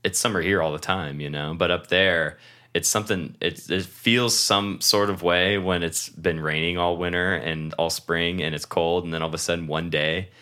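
A young man from Washington state co-hosts a podcast with a very deep voice that still has a bright, forceful edge. He rambles through stories in casual chat, laughing often and swearing without a second thought. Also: steady tone, normal speed. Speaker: podcast co-host.

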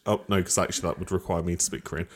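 A man's voice: low-pitched, flat delivery, racing. A man co-hosting a podcast in casual chat, teasing and joking with bursts of laughter. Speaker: podcast co-host.

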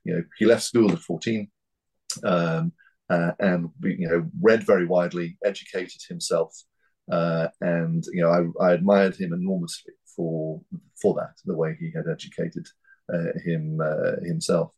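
A man in his fifties from North East England, speaking as an interview guest in a measured, hesitant way with many fillers and restarts. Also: sits low, flat delivery, a little mellow, husky, rough recording. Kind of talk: reflective interview talk.

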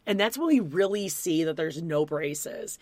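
A woman's voice: deep voice, lively intonation, unhurried, darkish tone, no echo. A woman co-hosting a casual chat podcast, recapping a reality show and acting out quotes in silly voices. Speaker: podcast co-host.

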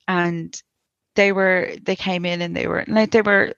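A woman in her thirties with an Irish accent, telling a painful personal story in a halting way, full of restarts and quoted speech. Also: on the low side, steady tone, no echo, muffled recording. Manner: halting, many restarts and likes, quoting others. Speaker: guest sharing a personal story. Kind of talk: emotional personal account.

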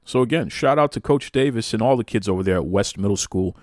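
A man hosting a podcast, chatting casually in animated, mock-outraged banter. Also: fairly low pitch, fast talker, dry recording, studio quality. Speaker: podcast host. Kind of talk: casual chat.

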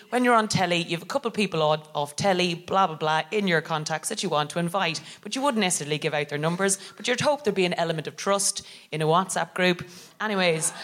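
Woman telling a rambling comic tale. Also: lowish voice. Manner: rambling and animated, prone to laughing at her own story. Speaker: co-host. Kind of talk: comic storytelling. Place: live show in a concert hall.

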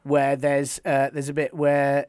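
A man's voice: mid-range voice, a little slow, clear, resonant tone, no echo, clean studio sound. A man, talking enthusiastically in a casual chat, full of restarts. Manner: enthusiastic, animated storytelling with many restarts.

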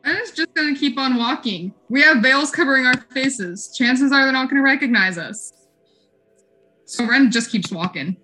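A woman playing a tabletop game, talking in a brisk, matter-of-fact way. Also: sits high, lively intonation, bright, forceful tone, soft background music, poor audio. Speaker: player. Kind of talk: casual tabletop play.

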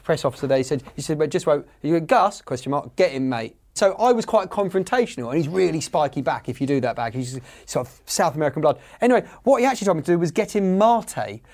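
A man's voice: a little high, animated, fast, few pauses, darkish tone. A man on a comedy quiz panel, telling a rambling anecdote and interrupting himself. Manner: rambling, self-interrupting storytelling. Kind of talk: casual anecdote.

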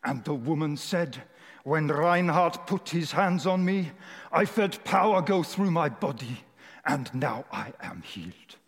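A man doing an elderly German preacher with a thick German accent, telling his tale in an earnest, dramatic way, his voice pitched up and bouncing off the walls of an echoey hall. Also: lively intonation, a little slow. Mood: dramatic recounting. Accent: German, put on. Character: elderly German male preacher recounting his boyhood calling.

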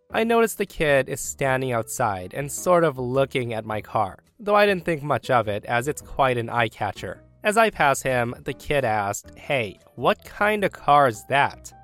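A man narrating a reddit story aloud with a lively, animated delivery. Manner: lively, animated delivery that jumps in pitch for emphasis.

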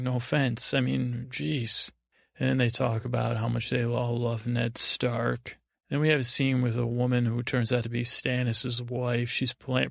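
A man hosting a podcast, rambling through a slow, halting recap full of fillers and restarts, meant to lull listeners to sleep. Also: mid-range voice, vocal fry, fairly bright tone, no room sound, clean studio sound. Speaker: podcast host. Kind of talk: meandering sleep-inducing recap.

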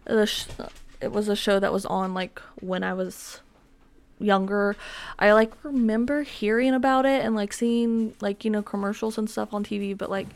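A woman's voice: mid-range voice, darkish tone. Rambling young woman chatting solo. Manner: rambling, filler-heavy, self-mocking. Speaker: podcast host. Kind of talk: casual solo chat. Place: home with dogs around.

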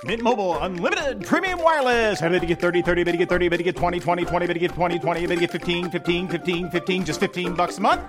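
Man playing a high, breakneck auctioneer chant over music. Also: very fast, few pauses, natural voice. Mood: rattling. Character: rapid-fire male reverse auctioneer.

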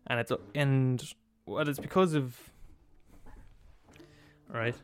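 A man's voice: medium pitch, slow, clean tone, faint music behind. A man hosting a podcast, delivering a comedic rant full of swearing and emphatic repetition. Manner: profane, emphatic, laughs at his own points. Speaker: podcast host.

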